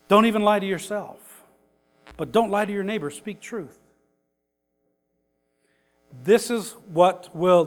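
High-voiced older pastor preaching in a hall. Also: male voice. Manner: folksy, chuckling, rising to emphatic preaching. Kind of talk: conversational sermon. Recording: reverberant hall.

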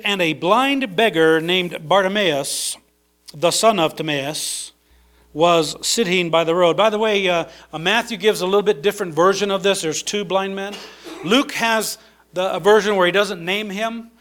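A man's voice: sits high, normal speed, fairly bright tone. A man preaching a sermon in a conversational way, with many fillers and restarts.

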